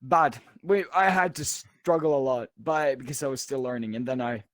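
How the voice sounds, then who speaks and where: A man's voice: medium pitch, normal speed, no echo, clean studio sound. A young Swedish man, English as a second language, with a Swedish accent mixed with Australian and British, chatting loosely and laughing often as a podcast guest. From Sweden. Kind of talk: casual chat.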